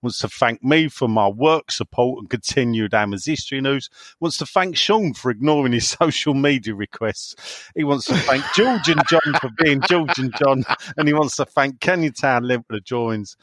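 A man's voice: mid-range voice, expressive, normal speed, hardly any pauses, fairly bright tone, dry recording, studio quality. A man hosting a podcast, reading out listener messages and joking bluntly between them. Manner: jokey, cheeky and blunt. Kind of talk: casual chat.

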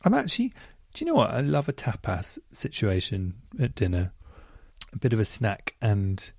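Podcast host, man, enthusiastic chatterbox; deeper voice with some fry. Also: huge pitch swings, normal speed, darkish tone, no echo, clean studio sound. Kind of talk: casual chat reading listener messages.

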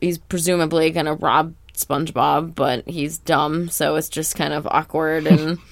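Low-voiced chatty woman podcaster. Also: level tone, measured pace, dry recording. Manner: chatty, rambling with fillers. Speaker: podcast co-host. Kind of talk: casual episode recap chat.

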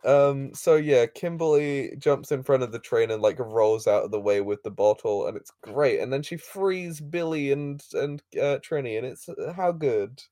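A man's voice: medium pitch, lively intonation, moderate pace, hardly any pauses, dark tone, no echo, studio quality. A man co-hosting a casual podcast, retelling a show's plot with laughs, filler words and swearing. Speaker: podcast co-host recapping an episode. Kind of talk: casual chat.

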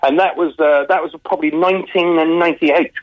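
A man, a touring comedian from the UK, chatting in a radio interview over the phone, animated and laughing often. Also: fairly high pitch, fairly quick, dry recording. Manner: animated, laughs often, slips into mimicked accents. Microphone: telephone. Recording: muffled phone line.

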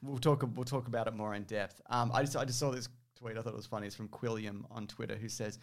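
A man's voice: fairly low pitch, fairly even intonation, fast talker, hardly any pauses. A man co-hosting a podcast, jokey and sweary, bantering in casual chat. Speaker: podcast co-host.

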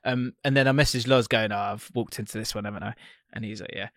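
A man's voice: on the low side, steady tone, fast talker, a bit bright, no room sound, studio quality. A man co-hosting a football podcast, chatting casually and rambling with frequent ums and restarts. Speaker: podcast co-host.

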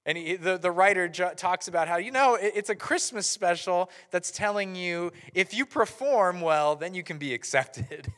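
A man in his thirties giving a playful, animated Christmas sermon to a church audience. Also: medium pitch. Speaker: pastor. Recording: live hall reverb.

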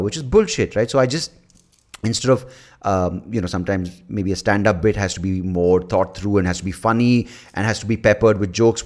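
A man with a somewhat low voice, hosting a casual podcast conversation. He muses out loud, pausing on "uh" and "you know," and lets a mild swear slip now and then. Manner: reflective, thinks out loud with fillers and mild swearing. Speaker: podcast host.

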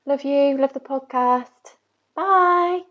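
A woman's voice: medium pitch, little pitch movement, moderate pace, creaky, very noisy. A woman from England leaving a chatty voicemail, telling a family story. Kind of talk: casual voice message. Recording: dull lo-fi phone message.

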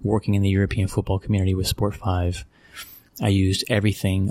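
An American man from Texas, a football club executive appearing as an interview guest, tells stories in a casual, rambling way with restarts and frequent chuckles. His voice is deep and darkish, and the recording is dry.

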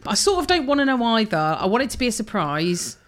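A woman's voice: on the high side, very animated, fast talker. A woman, co-hosting a casual podcast chat among friends, talking in a chatty, informal way. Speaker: podcast co-host.

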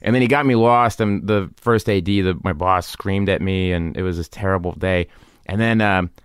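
A man in his thirties with a low, smooth, resonant voice, rambling through self-deprecating stories as a comedian guest. He is recorded in a garage studio, and the sound is dry and close. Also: moderate pace, no room sound. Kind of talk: casual interview storytelling.

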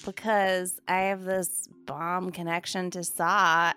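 A woman's voice: fairly low pitch, little pitch movement, takes it slowly, few pauses, pushed and bright, smooth, soft background music. A woman playing her character at a tabletop game, earnest and playful. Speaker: player.

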